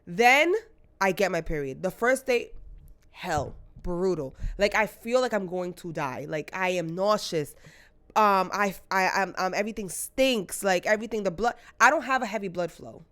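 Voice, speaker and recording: A young woman co-hosting a podcast in casual chat, frank and blunt, swearing freely and talking in quick bursts. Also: mid-range voice, expressive, fairly bright tone. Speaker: podcast co-host.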